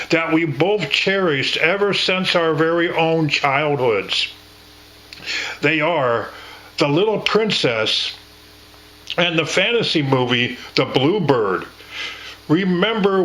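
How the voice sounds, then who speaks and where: Man co-host, slow rambling delivery, bright tense tone, affectionate and profane. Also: on the high side, poor audio. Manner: rambling, affectionate, swears casually. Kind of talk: casual reminiscing chat.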